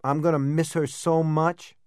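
A man's voice: on the high side, level tone, unhurried, a little mellow, dry recording, clean studio sound, pitched above the performer's own voice, close to an everyday voice. A man voicing a grieving, protective older brother who speaks in a muffled, tearful voice, in an audiobook. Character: grieving big sunburned brother, earnest, protective.

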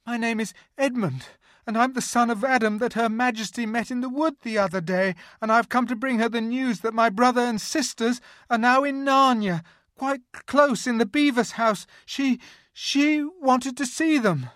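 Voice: medium pitch, animated, measured pace, a bit bright, no room sound, studio quality, voice pushed up. A reader doing a trembling, stammering boy. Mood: frightened. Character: frightened young boy, eager to please.

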